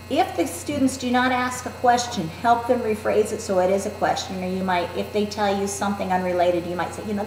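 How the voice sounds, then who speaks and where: A woman teacher demonstrating a classroom activity in a clear, deliberate, instructive way. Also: mid-range voice, slight background noise. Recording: roomy echo.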